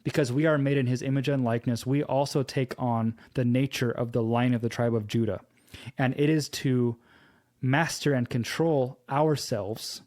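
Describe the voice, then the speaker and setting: A man giving a devotional teaching, telling a personal story slowly and earnestly and quoting scripture. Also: medium pitch, darkish tone. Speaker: preacher.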